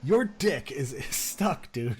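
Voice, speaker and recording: A man's voice: mid-range voice, big pitch swings, takes it slowly, slightly rough. A man co-hosting a podcast, laughing and directing a comedy bit in casual banter. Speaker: podcast co-host.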